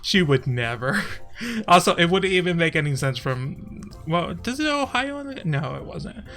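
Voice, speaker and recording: Chatty young man from Texas, bright voice. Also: high-pitched, animated, normal speed. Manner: chatty, laughing often, trailing off. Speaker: streamer. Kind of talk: casual stream commentary.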